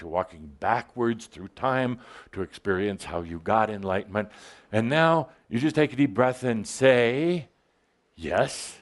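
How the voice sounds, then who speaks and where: A man giving a spiritual channeling talk to a live audience, playful and teasing as he exhorts them. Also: fairly low pitch.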